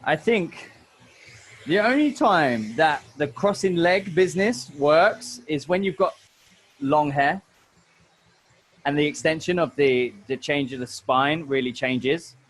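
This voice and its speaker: A man's voice: a little high, lively intonation, takes it slowly, poor audio. Chatty man teaching haircutting. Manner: chatty, matey, talks while working. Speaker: hairdressing educator. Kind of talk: live online hair cutting demo.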